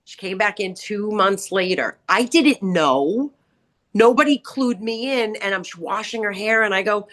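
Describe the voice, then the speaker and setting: A middle-aged woman telling salon stories in casual podcast chat, acting out quotes with big jumps in pitch. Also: expressive, measured pace, fairly bright tone. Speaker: guest author, salon owner.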